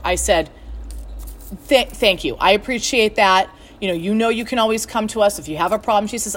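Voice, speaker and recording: A woman's voice: mid-range voice, moderate pace. A middle-aged woman who owns a fitness studio franchise, telling a long story and acting out the phone calls she quotes. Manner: animated, acts out quoted exchanges. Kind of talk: storytelling monologue.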